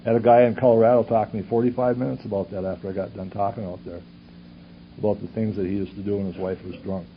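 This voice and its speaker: A man's voice: fairly low pitch, steady tone, fast. Earnest man testifying on a lo-fi tape. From Superior, Wisconsin. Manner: earnest, rhetorical questions, swings from loud to hushed. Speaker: conference speaker sharing his story. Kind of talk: personal testimony talk. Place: conference hall with audience. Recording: dull lo-fi tape recording with faint hiss.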